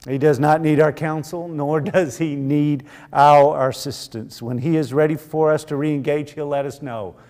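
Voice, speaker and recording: Male Bible teacher, slightly high voice, slow and deliberate, earnest, long hall reverb. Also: darkish tone. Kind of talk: church Bible class teaching.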